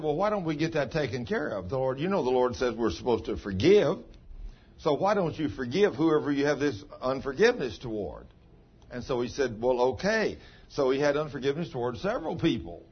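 A man's voice: mid-range voice, breathy edge. A man pastor telling stories in a folksy, homespun sermon, with plain country grammar. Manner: folksy, ungrammatical country speech. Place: church. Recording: dull lo-fi sound.

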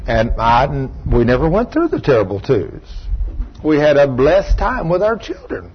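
In a dull lo-fi recording with slight background noise, an older pastor delivers a sermon, animatedly telling stories and voicing the characters. He speaks a little slowly in a slightly high voice.

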